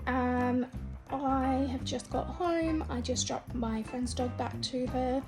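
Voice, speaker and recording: A woman's voice: high voice, fairly even intonation, takes it slowly. A young woman chatting casually to camera in her vlog, full of ums, partly from a car. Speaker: vlogger. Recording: voice a bit far from mic, loud music behind.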